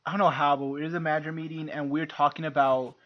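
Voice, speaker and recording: A man's voice: on the high side, level tone, quick pace. A man co-hosting a podcast, telling stories in casual chat, swearing freely and laughing as he goes. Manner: profane, laughs through his stories. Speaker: podcast co-host. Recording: dull lo-fi podcast audio.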